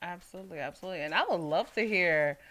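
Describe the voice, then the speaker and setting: A woman radio host interviewing an artist in a relaxed, encouraging way. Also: fairly low pitch, crowd noise. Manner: encouraging, agreeable, quick to laugh. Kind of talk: casual interview.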